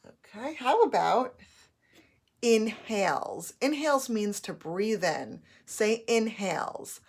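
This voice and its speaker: A woman teacher giving a slow, patient phonics lesson to young children, spelling out letters as she goes. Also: medium pitch, lively intonation, breathy edge.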